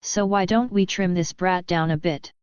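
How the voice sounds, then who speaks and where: A woman's voice: fairly low pitch, steady tone, normal speed, smooth, no room sound, lo-fi sound, natural voice. A woman reading the part of a grinning, bloodthirsty male swordsman with a taunting manner. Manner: taunting, eager.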